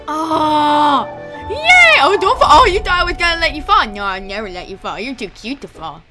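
A woman giving excitable, squealing commentary while playing a video game, often gasping. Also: sits high, moderate pace. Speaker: let's play gamer. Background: game music.

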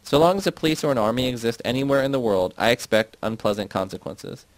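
A man's voice: medium pitch, expressive, fast talker, no room sound, close to an everyday voice, rough recording. A man reading the part of an earnest male worker who argues his case defensively. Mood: arguing.

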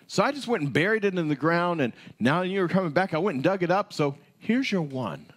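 Fumbling, frightened male servant, high and wavery; a male pastor voices him. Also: wildly swooping pitch, extremely slow, vocal fry, exaggerated voice. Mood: nervous. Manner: hesitant, fumbling. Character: nervous male servant making excuses.

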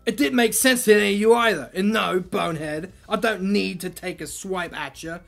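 A man voicing a gruff, hot-tempered male mercenary boss who barks out loud threats. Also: sits high, moderate pace, soft background music. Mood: mocking.

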